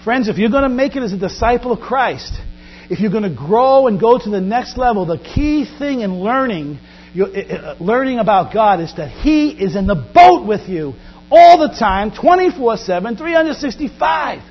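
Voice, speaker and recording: A high-pitched man preaching a sermon in a church, his delivery rising and falling sharply in volume. The recording is dull and lo-fi, with a steady mains hum underneath. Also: moderate pace. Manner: preaches with big swings in pitch and loudness.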